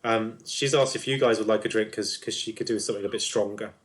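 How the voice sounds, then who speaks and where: A man's voice: on the low side, fairly even intonation, quick pace. A man narrating as game master of a tabletop role-playing game, in a loose, hesitant way with many fillers.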